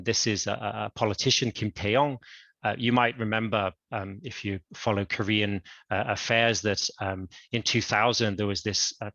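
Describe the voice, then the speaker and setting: A male university lecturer giving an online academic lecture, explaining in a measured way. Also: fairly low pitch, sharp tone, no echo, highs cut off. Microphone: computer mic on a video call.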